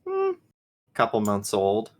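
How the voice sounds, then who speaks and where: Man, game master, slow relaxed narration, tabletop game. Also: lowish voice.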